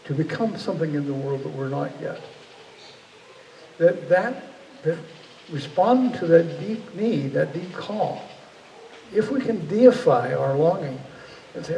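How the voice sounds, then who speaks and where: Man, guest speaker, earnest and searching, mellow voice, heard from a distance in a roomy hall. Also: on the high side, measured pace, a little hiss or hum. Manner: earnest, searching, frequent restarts. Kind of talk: reflective public talk. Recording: echoey hall from far off, faint ambience.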